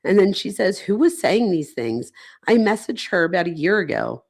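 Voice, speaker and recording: A woman's voice: mid-range voice, big pitch swings, moderate pace, darkish tone. A woman psychologist hosting a casual true-crime livestream, talking loosely with frequent "like"s and self-corrections. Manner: chatty and loose, with many "like"s and self-interruptions.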